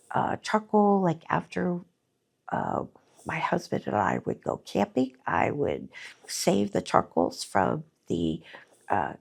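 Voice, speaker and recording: A middle-aged woman talking slowly and from the heart in a personal vlog, often pausing to search for words, at times teary-eyed. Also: fairly low pitch, creaky, breathy edge. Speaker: artist vlogger.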